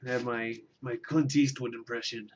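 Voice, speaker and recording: A man's voice: medium pitch, steady tone, moderate pace, lo-fi sound, a little hiss or hum. A man delivering a rambling, self-deprecating comic monologue, with lots of filler words and restarts. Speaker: vlogger.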